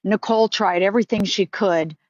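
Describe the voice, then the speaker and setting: A woman's voice: mid-range voice, fairly quick, darkish tone, no echo, dull audio. A middle-aged woman hosting a live stream, talking candidly in a rambling way, with frequent swearing and restarts. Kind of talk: casual live-stream chat.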